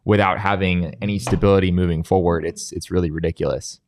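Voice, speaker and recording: A young man co-hosting a sports talk show, talking in an animated, casual way with lots of restarts and "like". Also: deep voice, fast talker, a little hiss or hum. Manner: animated, with frequent restarts and filler "like".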